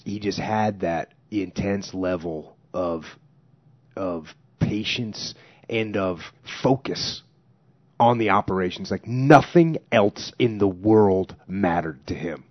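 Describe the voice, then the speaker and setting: A man hosting a podcast, talking casually and stressing key words slowly and deliberately. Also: deep voice, no echo. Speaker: podcast host. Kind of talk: casual conversation. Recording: dry, dull lo-fi recording.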